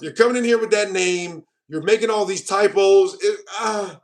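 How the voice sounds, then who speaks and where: A man's voice: high-pitched, moderate pace, soft background music. An American man hosting a casual stream, reading viewer comments aloud with mock outrage and calling people bro. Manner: joking, mock-offended, calls viewers bro. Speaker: host.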